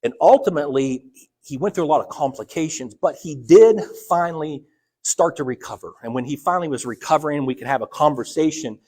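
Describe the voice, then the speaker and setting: The voice is fairly high-pitched, fairly quick, and a bit mellow: a middle-aged Ohio church elder giving a sermon. His delivery is conversational as he recounts personal stories, with many restarts and quoted voices acted out.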